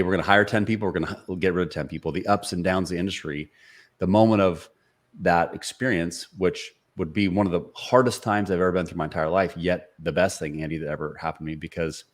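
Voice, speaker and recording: Deep-voiced earnest motivational storyteller man. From Seattle area. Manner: earnest, motivational, frequent restarts and fillers. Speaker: podcast guest, sales speaker and author. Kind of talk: conversational storytelling interview.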